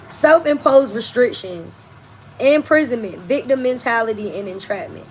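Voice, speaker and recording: A woman's voice: on the high side, fairly bright tone, a little hiss or hum, poor audio. A woman giving a collective tarot reading, speaking bluntly and emphatically to her viewers, swearing freely. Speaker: tarot reader.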